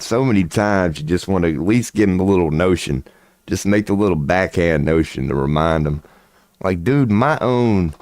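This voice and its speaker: A man with a low, slightly mellow voice hosts his channel in a casual, rambling monologue. He's crude and swaggering, swearing freely and often laughing mid-sentence, recorded in studio quality with no echo.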